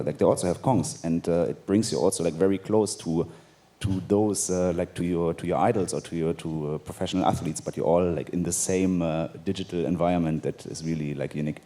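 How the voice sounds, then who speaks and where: A man's voice: deep voice, dark tone. A man speaking as a panelist on a theater stage, enthusiastic and filling his sentences with "like". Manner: enthusiastic, heavy use of "like" fillers. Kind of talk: conference panel discussion.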